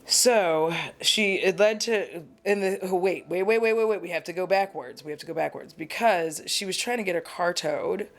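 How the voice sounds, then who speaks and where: A beauty vlogger with a lowish voice talks at a moderate pace with few pauses while doing her makeup at home. Her get-ready-with-me vlog is casual, chatty, rambling, candid, and self-deprecating.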